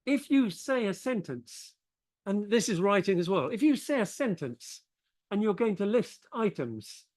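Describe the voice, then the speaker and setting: A woman English teacher gives slow, halting feedback on word usage, often stopping and restarting her sentences. Her voice sits at a middle pitch and sounds close and dry, with almost no room echo. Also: very animated, darkish tone.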